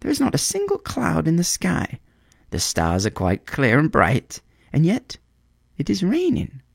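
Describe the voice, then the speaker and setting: A man's voice: fairly high pitch, wildly swooping pitch, measured pace, vocal fry, breathy edge, no room sound, clean studio sound, pitched above the performer's own voice, full character voice. A man voicing a prim, fussy, lovesick little male swallow in a storybook reading. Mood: astonished.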